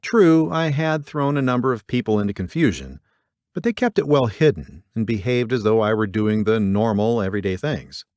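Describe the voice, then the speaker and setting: A man narrates a story in a low voice with a lively, swinging delivery. He lifts his voice for dialogue and sinks it for the tags. The recording is dry and close. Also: normal speed, no echo. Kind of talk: audiobook narration with character voices.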